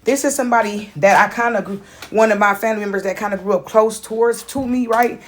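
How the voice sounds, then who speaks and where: A woman's voice: mid-range voice, quick pace, slight background noise. A woman, out of breath, chatting casually in a spiritual vlog and often asking "right?". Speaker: vlogger. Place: in a house with her dog.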